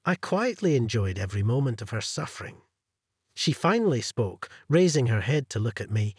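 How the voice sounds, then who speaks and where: A man narrating a first-person revenge story in a cold, measured way, with a husky voice. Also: mid-range voice, big pitch swings, no room sound, clean studio sound.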